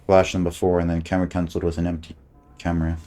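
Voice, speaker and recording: Male game streamer, very low voice, loose chatty commentary. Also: completely flat delivery, racing, warm tone. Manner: thinking aloud, chatty, trails off and restarts. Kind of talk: casual gameplay commentary.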